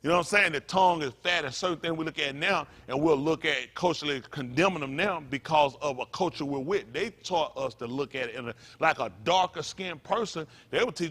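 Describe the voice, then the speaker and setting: Man preaching, bright voice, fairly high pitch, emphatic. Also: brisk, hardly any pauses. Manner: preachy, repetitive, rising to loud emphatic peaks. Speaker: pastor. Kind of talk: sermon.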